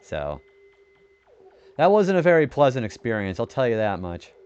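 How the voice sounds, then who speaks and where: Young male streamer with a clear, smooth nerdy voice, rambling chat and frequent swearing while he plays. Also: mid-range voice, sing-song, normal speed, darkish tone, lo-fi sound. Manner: rambling, swears often when frustrated; self-described nerdy voice. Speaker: game streamer. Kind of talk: casual gaming stream chat.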